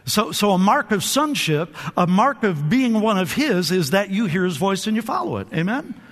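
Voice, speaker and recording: A man preaching in a high, bright voice, and his words ring out through a big reverberant church hall. He keeps the congregation answering back, pushes on with energy and stumbles over repeated words as he goes. He is a pastor in the middle of a lively sermon. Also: moderate pace. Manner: repeats words and restarts often. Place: church sanctuary.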